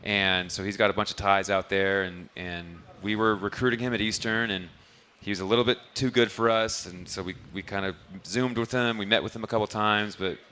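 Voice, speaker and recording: Man, basketball coach, casual rambling interview answers, crisp bright tone. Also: lowish voice, fairly even intonation, brisk, few pauses, a little hiss or hum. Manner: easygoing, rambling storyteller. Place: restaurant bar, live show.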